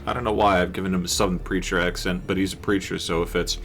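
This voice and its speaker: A man's voice: low-pitched, fairly even intonation, quick pace, vocal fry, hardly any pauses, fairly bright tone, a little hiss or hum. Man muttering through a game stream. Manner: offhand, muttering to himself, swears and laughs. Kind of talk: casual live gameplay commentary.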